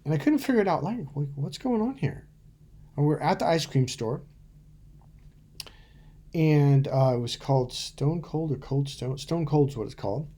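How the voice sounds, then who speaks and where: Middle-aged guy doing dating advice to camera, blunt, cusses a lot, kinda raspy. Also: fairly high pitch, animated, moderate pace, dark tone. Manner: blunt and profane, storytelling with acted-out quotes. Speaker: dating coach. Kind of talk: casual to-camera coaching talk.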